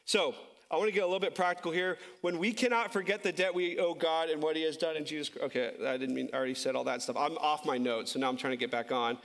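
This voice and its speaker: A man preaching a sermon as pastor, impassioned and conversational, climbing high and slowing down on key phrases, with self-correcting asides. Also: fairly even intonation, fairly bright tone.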